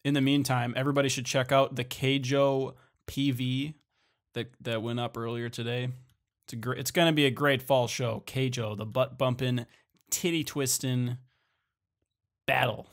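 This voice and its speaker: A man's voice: medium pitch, level tone, moderate pace. A man co-hosting a podcast, cracking crude jokes and interrupting with gags in casual banter. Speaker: podcast co-host.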